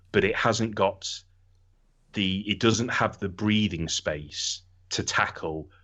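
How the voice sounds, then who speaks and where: A man with a very low voice reviews a game on a podcast. He is earnest and critical but casual. He talks it through at an easy pace. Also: a bit bright. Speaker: podcast co-host. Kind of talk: casual chat.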